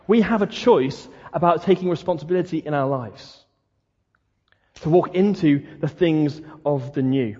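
A man's voice: sits high, a little fast, dark tone, slightly rough. A man preaching a sermon, talking conversationally and asking the listeners many questions. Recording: dull lo-fi sound, long hall reverb.

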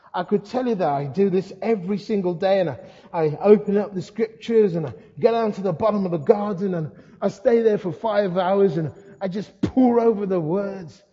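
An older man preaching a sermon, telling stories with humor and lively asides. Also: high-pitched. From England. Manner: storytelling, humorous, animated asides. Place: church hall. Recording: muffled sound in a reverberant hall.

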